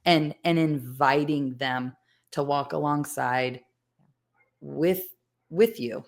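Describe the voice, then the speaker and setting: Earnest woman host, lowish voice. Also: takes it slowly, gravelly. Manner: earnest, emotional storytelling. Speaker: podcast host. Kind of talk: conversational interview.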